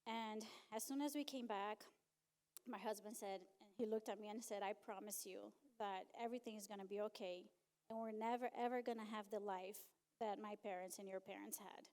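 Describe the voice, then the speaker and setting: A middle-aged woman giving a personal testimony at a conference, telling her story with animated back-and-forth dialogue. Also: mid-range voice, moderate pace. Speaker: conference speaker.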